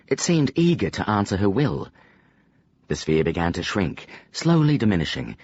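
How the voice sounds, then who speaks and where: Guy reading an audiobook, deep voice, really lively and dramatic, dull dry recording. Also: slightly rough, no echo. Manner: expressive, dramatic storytelling. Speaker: audiobook narrator. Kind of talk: scripted audiobook narration.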